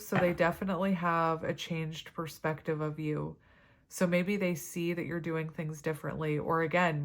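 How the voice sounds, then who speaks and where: A woman giving a tarot reading to camera, chatty and rambling, with many fillers and side stories. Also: lowish voice. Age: adult parent. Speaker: tarot reader.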